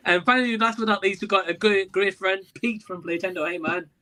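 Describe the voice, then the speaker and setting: A man hosting a casual livestream talk show, relaxed, reading out viewer comments. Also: high-pitched, a little fast. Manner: relaxed, laughs along, reads out comments. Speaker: host.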